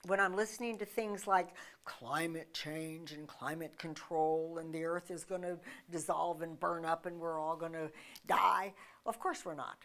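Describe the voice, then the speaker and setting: A woman's voice: low voice, steady tone, a little slow, fairly bright tone. A woman minister preaching in a conversational, emphatic style, with rhetorical questions and frequent restarts. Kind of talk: sermon.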